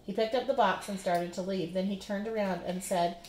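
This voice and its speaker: A woman reading a children's picture book aloud with expressive storybook narration, recorded in a roomy space. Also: mid-range voice, fairly quick, few pauses.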